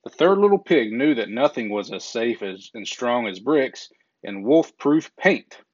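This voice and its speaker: A man's voice: mid-range voice, expressive, no echo. Man reading a bedtime story. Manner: gentle and measured, with small slips. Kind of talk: reading a children's story aloud. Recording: dull lo-fi recording.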